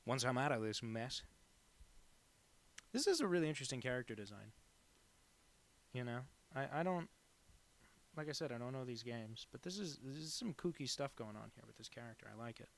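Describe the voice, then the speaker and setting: A man streaming live as a cartoonist, chatting casually while he draws and rambling through deadpan jokes. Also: medium pitch, a little fast, gravelly, long pauses.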